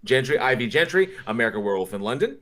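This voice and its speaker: A man's voice: medium pitch, sing-song, racing, a bit bright. Laughing, swearing male podcast host. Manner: laughs often, swears casually, reads viewer comments aloud. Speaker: podcast co-host reading live chat. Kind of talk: casual podcast chat.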